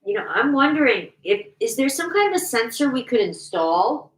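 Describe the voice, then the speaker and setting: A woman's voice: on the high side, sing-song, moderate pace. A woman co-hosting a casual chat, playful, with jokey asides. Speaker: podcast co-host. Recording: echoey room.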